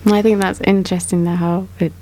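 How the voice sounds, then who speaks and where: A woman leading a casual art discussion, a mother, describing artworks slowly and thoughtfully. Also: fairly low pitch, little pitch movement, mellow, a little hiss or hum. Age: adult mother. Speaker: discussion moderator.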